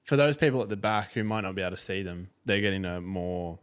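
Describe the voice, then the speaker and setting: Guy co-host, low voice, dry teasing quips. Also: expressive, fast, clean tone. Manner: dry, teasing, short replies. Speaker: podcast co-host. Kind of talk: casual chat.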